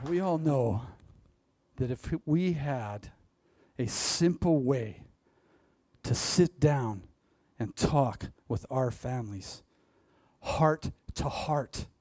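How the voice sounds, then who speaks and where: A man delivers a motivational stage talk, addressing the audience directly and laughing at his own jokes. His mid-range, slightly mellow voice moves slowly with long pauses, and there's no room sound.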